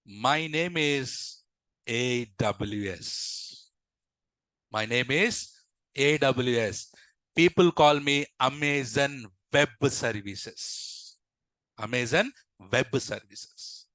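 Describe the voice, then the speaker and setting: A man voicing a calm, confident male helper who is a service personified, speaking slowly and deliberately. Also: mid-range voice, no echo, pitched below the performer's own voice. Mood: grand. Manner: slow, deliberate, reassuring.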